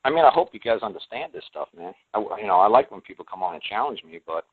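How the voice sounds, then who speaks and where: A man with a husky, slightly breathy voice talks in a folksy, emphatic way, often slipping into the voices of the people he quotes. His voice comes through a thin, phone-like line. The sound is dry, with no room around it. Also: on the low side, very animated, fast talker, dry recording. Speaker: talk show guest. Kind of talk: radio talk show monologue.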